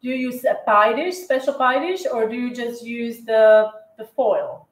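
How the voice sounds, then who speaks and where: Speaking at a moderate pace in a slightly high voice, this cookie-decorating livestream host chats casually, often using fillers and correcting herself. The recording has an echoey room sound.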